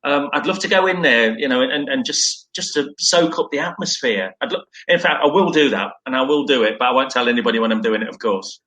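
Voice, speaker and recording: Middle-aged man, ex-footballer guest, bright voice, self-deprecating rambling storyteller. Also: mid-range voice, a little fast, hardly any pauses. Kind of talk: casual anecdote telling.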